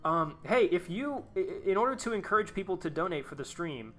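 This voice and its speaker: A man chats live to his stream while tinkering with a design, cursing in exasperated bursts and wandering off into rambling asides. His voice sits a touch high and rings bright and forceful. Faint music plays behind him. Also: lively intonation, brisk.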